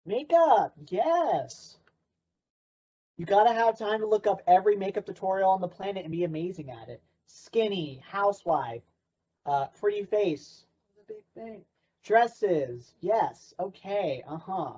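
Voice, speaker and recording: A man's voice: high voice, lively intonation, slow pace, pauses often, warm tone. A man presenting an interactive workshop in a playful, sarcastic way. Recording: dull lo-fi recording.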